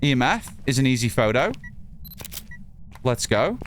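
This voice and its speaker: A man's voice: medium pitch, big pitch swings, measured pace, slight background noise. A man from the north of England with a mixed northern English accent, chatting casually with viewers while narrating his gameplay. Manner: chatty, reads chat aloud, swears casually. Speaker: streamer.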